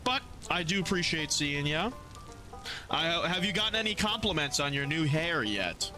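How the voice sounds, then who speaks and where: Animated young man chatting on stream. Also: on the high side, normal speed. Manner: animated, reads out and answers chat, trails off and restarts. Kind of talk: casual live-stream chat with viewers. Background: music.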